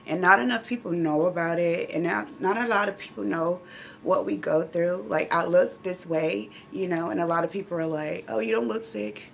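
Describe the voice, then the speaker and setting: Middle-aged woman host, emotional and direct, low and gravelly, faint background hiss. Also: moderate pace. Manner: emotional, speaks directly to viewers. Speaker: channel host living with myeloma. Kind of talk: heartfelt casual vlog talk.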